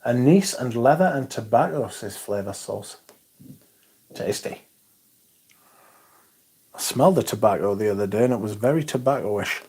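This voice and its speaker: A man's voice: medium pitch, lively intonation, moderate pace, pauses often, darkish tone, slightly rough. Casual, chatty man hosting a livestream. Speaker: livestream host. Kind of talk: casual livestream chat, reading out viewer comments.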